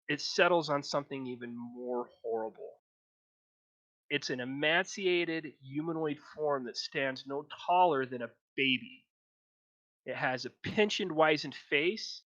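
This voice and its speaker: Game master, deliberate descriptive narration, bright tone, lo-fi stream sound. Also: medium pitch, dry recording. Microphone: headset or desk mic for a live stream.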